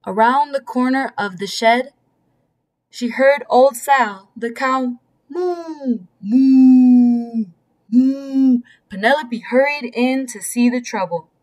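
A woman reading a bedtime story aloud in a gentle, storytelling manner. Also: fairly high pitch, unhurried. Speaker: storybook reader.

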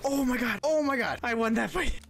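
A young gamer giving live gameplay commentary, muttering calmly one moment and yelping loudly the next. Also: mid-range voice, brisk, gravelly. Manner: excitable, swings from calm muttering to loud yelps. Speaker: gaming video creator.

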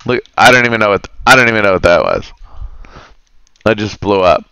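A man's voice: on the low side, expressive, brisk, bright, forceful tone, clear, resonant tone, no room sound. A man streaming a video game, grumbling and cursing in a casual rant with muttered asides. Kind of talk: casual rant while gaming.

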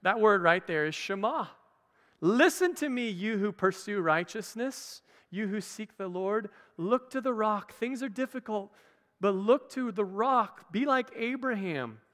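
A man's voice: high-pitched, expressive, unhurried, a bit bright. A man preaching a sermon as pastor, teaching conversationally with playful asides to the congregation. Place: church hall. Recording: church livestream with long reverb.

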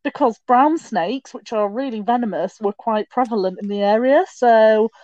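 A young woman telling stories in a casual podcast chat, with quick asides and restarts. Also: fairly high pitch, warm tone, no echo, muffled recording. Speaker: podcast guest.

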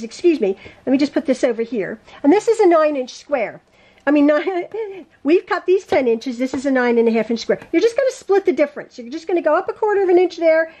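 A woman's voice: sits high, darkish tone. A woman giving a chatty home sewing tutorial, rambling and correcting herself as she works at the machine. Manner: rambling, self-correcting, talks while sewing. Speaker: quilting teacher.

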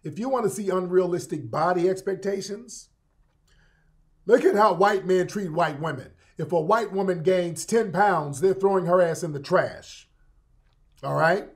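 A man holds forth in a heated monologue, speaking straight to his audience with a confrontational edge. His voice sits a little on the high side for a man, and he leans on repeated phrases to drive his points home. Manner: heated, confrontational, repetitive addressing. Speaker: show host.

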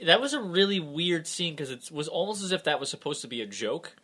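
Wry man quipping, bright voice. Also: fairly high pitch, big pitch swings, a little fast. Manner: wry, sarcastic quips and laughter. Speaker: podcast co-host. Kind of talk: comedic movie discussion.

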